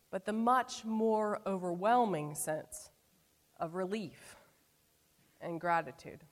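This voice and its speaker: A woman pastor delivering a sermon, telling a personal story with emphatic phrases that drop to hushed, slow endings. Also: medium pitch. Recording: long hall reverb.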